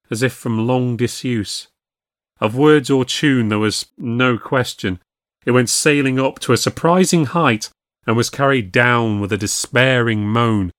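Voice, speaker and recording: A man narrating a ghost story in a measured storytelling way for a podcast. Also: medium pitch, no echo, studio quality.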